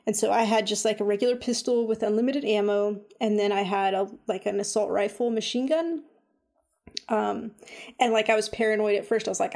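A woman chatting casually about a game she has been playing, full of "like" and "um", animated when she retells her own reactions. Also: medium pitch, fairly quick, creaky. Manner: chatty, lots of fillers like "like" and "um". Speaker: video game reviewer. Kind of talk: casual chat.

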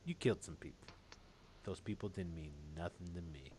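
A man voicing a laid-back streetwise male crook in a tabletop game, speaking low and easy. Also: fairly quick, a little mellow, a little hiss or hum, lightly acted. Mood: easygoing.

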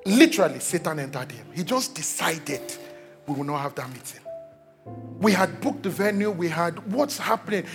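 Nigerian male pastor, 30s, high pitch, animated storytelling sermon over soft music. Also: moderate pace. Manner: animated storytelling, repeats words, acts out quotes.

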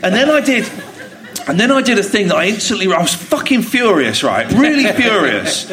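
A middle-aged man, a guest on a live comedy podcast, telling stories in an animated way and swearing freely. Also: high-pitched, a little fast. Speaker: podcast guest, radio presenter. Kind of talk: anecdotal chat. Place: theatre stage before a live audience.

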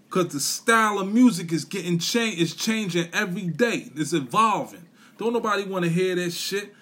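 A man delivers a blunt, profane pep talk on a podcast, hammering his points with repetition and street slang. His voice sits a little high for a man and has a husky, grainy edge. He swears freely and talks straight at the listener. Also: lively intonation, normal speed, sharp tone. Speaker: podcast host. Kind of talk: profane motivational rant.

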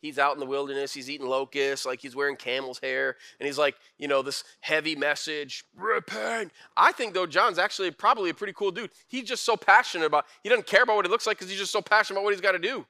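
Bright-voiced, casual young male preacher. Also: fairly high pitch, quick pace, hardly any pauses. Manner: conversational, slangy, animated preaching. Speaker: pastor. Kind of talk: casual sermon.

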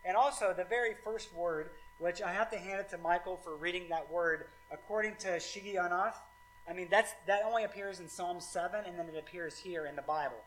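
A man's voice: high voice, a little fast, a bit bright, slight background noise, poor audio. A man preaching a sermon as pastor in a casual, conversational way, often checking in with his listeners. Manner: casual and conversational, many fillers like "like" and "right".

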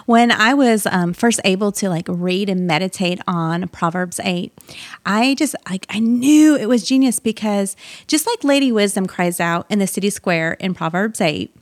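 A bubbly woman co-host chats about faith and friendship, quick to giggle. Her mid-pitched voice is recorded close and dry. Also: lively intonation, no room sound. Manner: bubbly, giggly, chatty storyteller. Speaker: podcast co-host. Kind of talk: casual faith podcast chat.

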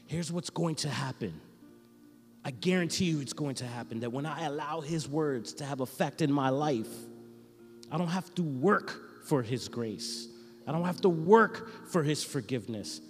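Impassioned man preaching in an echoey hall. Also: fairly high pitch. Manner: impassioned preaching with repeated phrases. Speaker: pastor. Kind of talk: sermon. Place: church sanctuary. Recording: echoey church hall with music behind.

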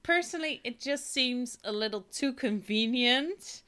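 A woman's voice: on the high side, animated, a little slow, bright, forceful tone, clean tone. A woman co-hosting a casual film discussion podcast, chatty and amused, with plenty of fillers. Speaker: podcast co-host.

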